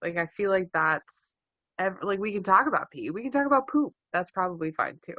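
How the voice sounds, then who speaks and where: A young woman co-hosting a casual podcast, animated, jokey and swearing as she rants. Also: medium pitch, a little fast, no echo. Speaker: podcast co-host. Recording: dull lo-fi dry sound.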